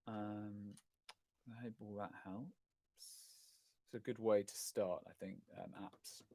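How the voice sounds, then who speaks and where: A man's voice: lowish voice, steady tone, slow, mellow, no room sound. A middle-aged man hosts a casual livestream chat, answering viewer questions in a rambling, self-correcting, self-deprecating way. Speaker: host of a live chat stream.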